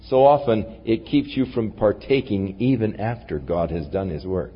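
A man preaching a sermon, swinging from raised, emphatic lines down to low, quiet asides. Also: normal speed, a little hiss or hum. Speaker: pastor. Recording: dull lo-fi recording in a large reverberant hall.

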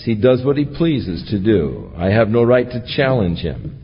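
Pastor, male, husky and unhurried, lively pitch, verse-by-verse preaching, dull recording with long reverb. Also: faint music behind. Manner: reads scripture aloud, then explains it verse by verse. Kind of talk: expository sermon.

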